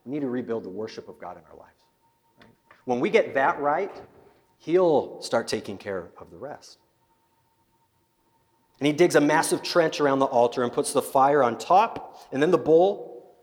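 A man's voice: mid-range voice, expressive, moderate pace, pauses often, darkish tone. Man preaching in a reverberant hall. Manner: storytelling, acting out biblical scenes, frequent repeated words. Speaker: pastor. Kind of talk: sermon. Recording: long reverb of a large hall.

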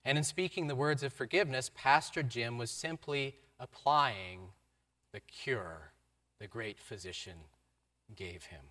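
A man preaching a sermon, telling a story and acting out the voices in it, moving between loud outbursts and quiet lines. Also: mid-range voice, a little slow. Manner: acts out quoted voices, swings from loud to soft. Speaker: pastor.

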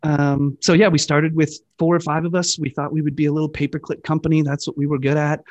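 A man talking as an interview guest, telling his work story with quick, enthusiastic asides. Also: a little high, little pitch movement, a little mellow, no echo, dull audio. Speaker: guest, digital marketing agency partner. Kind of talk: casual conversational interview.

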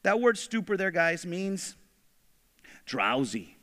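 A man preaching a sermon, animated, acting out biblical figures in casual everyday slang. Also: sits high, normal speed. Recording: long reverb of a large hall.

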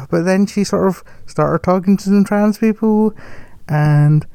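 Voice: medium pitch, takes it slowly, mellow, no echo. A person chatting casually about a film, rambling, correcting themselves and laughing often. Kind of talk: casual film review chat.

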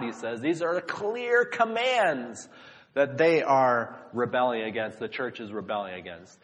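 A man's voice: mid-range voice, expressive, moderate pace, a bit bright. A man preaching a sermon, talking emphatically and speaking directly to the congregation. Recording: long reverb of a large hall.

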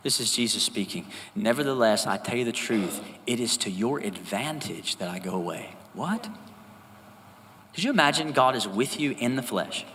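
A male pastor preaching a sermon, talking to the congregation in a lively, conversational way and often asking for an "Amen". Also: mid-range voice, normal speed, slight background noise. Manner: conversational, animated, asks the congregation for responses. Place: church sanctuary. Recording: reverberant church hall with faint ambience.

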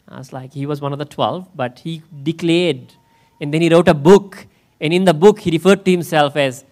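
A man's voice: a little high, normal speed. A man in the role of pastor, preaching a conversational sermon in church and often asking his listeners questions. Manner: conversational, asks the congregation questions.

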